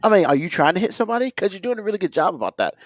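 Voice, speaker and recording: A man's voice: high-pitched, sing-song, racing, no room sound, soft background music. A man ranting on a podcast, mocking other drivers with put-on quotes. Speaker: podcast co-host. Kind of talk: ranting casual chat.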